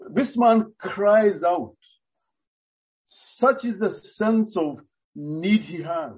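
A man preaching a sermon, expounding earnestly and deliberately, with frequent hesitations. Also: high-pitched, animated, a little mellow, poor audio.

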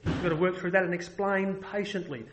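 A man's voice: high voice, brisk, background noise. A man preaching a sermon, earnest and emphatic, often restarting his phrases.

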